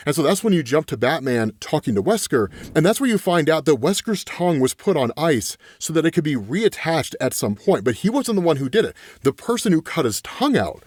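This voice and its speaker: Man, animated comic explainer, lively pitch, dry close sound. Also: fairly quick, hardly any pauses, dry recording. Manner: animated storyteller, acting out quotes, filler "right?". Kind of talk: casual retelling of a comic story.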